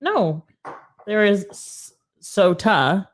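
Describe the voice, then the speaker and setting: A woman's voice: fairly low pitch, big pitch swings, normal speed. A woman co-hosting a casual live show over drinks, dry and teasing, laughing often. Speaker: podcast co-host.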